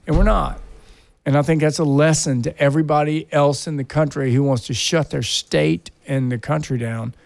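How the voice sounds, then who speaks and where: Gravelly man, rambling. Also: on the high side, steady tone, normal speed, no echo. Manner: blunt, rambling, mocks accents. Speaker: podcast co-host. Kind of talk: casual banter.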